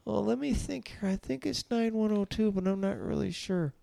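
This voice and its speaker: A man's voice: high voice, normal speed, vocal fry, warm tone, no echo, pitched above the performer's own voice. A man voicing a forgetful elderly phone caller who hesitates and fumbles for numbers. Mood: unsure.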